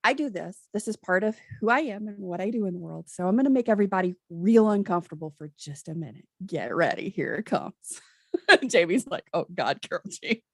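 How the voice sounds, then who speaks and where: A woman's voice: mid-range voice, expressive, brisk, vocal fry, dry recording, clean studio sound. A woman hosting a panel discussion, speaking emphatically and directly.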